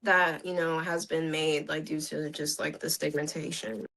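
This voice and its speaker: A woman's voice: low voice, flat delivery, moderate pace, a bit bright, low-quality recording. Reflective woman podcast host. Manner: reflective, with many "you know" fillers. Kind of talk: casual podcast conversation.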